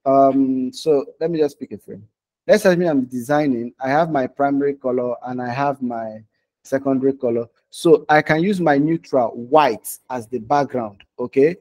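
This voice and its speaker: A man leads a live online design class in a loose, conversational way. His voice is mellow and warm and sits at a middle pitch. He talks his way through each step on screen and keeps asking his students "okay?" and "right?" as he goes. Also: moderate pace. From Nigeria. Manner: casual, talks while clicking through screens, frequent "okay?" and "right?" check-ins. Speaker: design instructor.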